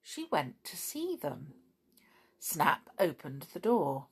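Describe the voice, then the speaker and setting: Woman storyteller, slow and animated, husky. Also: sits low. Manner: expressive, unhurried. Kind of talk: storybook reading.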